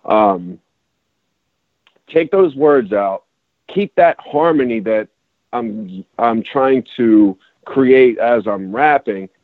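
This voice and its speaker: A man chats about songwriting in a loose, rambling way, stopping and restarting his sentences. He sounds thin and tinny, as if on a phone line, with a dry, close sound. His pitch sits in a middle range. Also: no room sound. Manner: rambling, restarts often, explaining. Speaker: rapper and songwriter guest. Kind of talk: casual podcast conversation.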